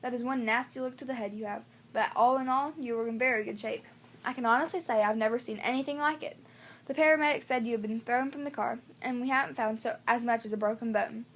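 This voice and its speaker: A woman doing a calm male doctor. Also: on the high side, quick pace. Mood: reassuring.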